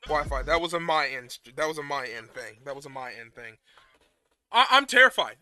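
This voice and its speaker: A young man streaming a retro game, chatting casually with his viewers, excitable and prone to repeating himself when nervous. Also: fairly high pitch. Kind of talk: casual live-stream chat.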